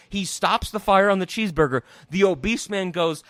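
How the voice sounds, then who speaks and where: Podcast host, male, incredulous storyteller, slightly high and very lively voice. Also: normal speed, hardly any pauses, no echo, clean studio sound. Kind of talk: casual chat.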